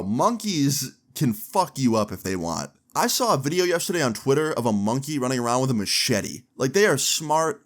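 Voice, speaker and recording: Young dude telling a wild storytime, slangy and cussing, mid-pitched voice. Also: male voice. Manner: animated, slangy, profane storytelling. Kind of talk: casual storytime vlog.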